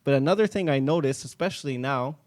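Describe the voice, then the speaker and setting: A man's voice: mid-range voice, fast. A man, an app founder, telling stories in a casual podcast chat and acting out quoted dialogue. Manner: animated, acts out quoted dialogue.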